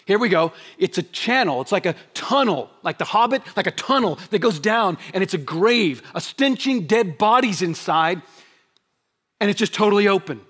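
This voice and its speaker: Male pastor, sermon delivery, voice on the high side, dynamic: punchy emphasis dropping to near-whispered asides. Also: moderate pace, slightly rough. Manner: animated preaching, rhetorical questions, swings between loud emphasis and hushed quiet. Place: church sanctuary.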